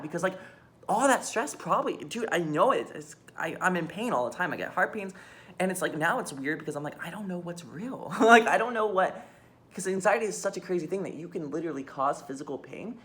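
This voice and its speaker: A young woman vlogger makes a candid personal confession into her phone camera in a mostly empty room. Her voice is on the low side and a bit bright, and she rambles with restarts, swearing and nervous laughs.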